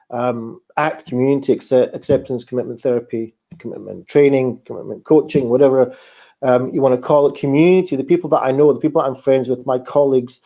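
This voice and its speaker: A man's voice: medium pitch, dark tone, dull audio. A man hosting a live online interview, asking earnestly in long, rambling sentences with restarts over a video call. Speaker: host.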